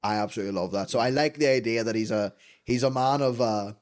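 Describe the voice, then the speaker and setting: A man's voice: mid-range voice, quick pace. A young man with a Northern Irish accent, a co-host in casual chat, telling sweary stories and acting out the quotes.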